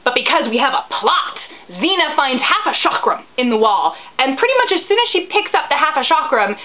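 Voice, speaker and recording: A woman casually recapping a TV episode, gushing and animated, sometimes dropping into a whisper. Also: high voice, a little fast, hardly any pauses. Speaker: recap podcast host. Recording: tinny phone-like audio.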